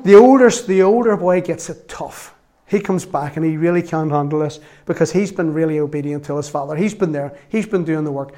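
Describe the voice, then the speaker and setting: A man delivers an earnest sermon. He reads scripture aloud with feeling and slips in self-mocking humor. His speaking voice sits a little higher than most men's. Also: fairly quick, dark tone. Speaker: preacher.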